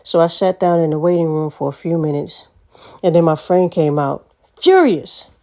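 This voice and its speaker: A woman's voice: low voice, fairly even intonation, moderate pace, dark tone. A woman vlogger telling stories in a casual monologue, blunt and profane, laughing often.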